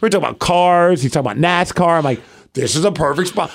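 A man with a slightly higher-than-usual voice, co-hosting a podcast in an easygoing conversation. He tells stories in an animated way, acting out who said what. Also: quick pace. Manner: animated storyteller, acts out quoted dialogue. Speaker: podcast co-host. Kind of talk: casual chat.

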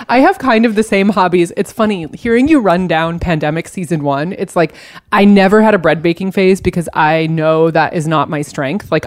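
Woman, enthusiastic, laughs often, medium pitch, dry close sound. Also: dry recording. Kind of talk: casual chat.

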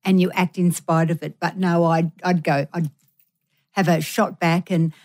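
A woman's voice: fairly low pitch, flat delivery, normal speed, a little mellow. A middle-aged woman, a mother, answering an interview candidly and reflectively. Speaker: guest, a co-host's mother.

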